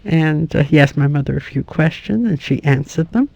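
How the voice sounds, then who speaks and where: A woman's voice: sits low, animated, moderate pace, vocal fry, a little mellow, dry recording, dull audio. An older woman fondly recounting a story about her mother's citizenship hearing. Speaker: interviewee. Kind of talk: archival oral history recollection.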